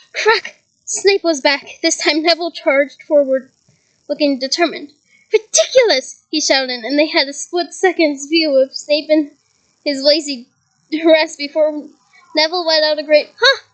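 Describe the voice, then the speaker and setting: High-voiced woman reading a story aloud. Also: low-quality recording. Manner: lively reading with chuckles and side comments. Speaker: reader.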